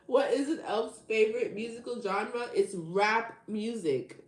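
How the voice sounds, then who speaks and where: A woman's voice: on the high side, measured pace, slight background noise. A woman chats casually with her livestream viewers as a tarot reader, slangy and teasing, laughing often. She takes her time with each line. Her voice carries a roomy echo. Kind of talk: casual live chat with viewers.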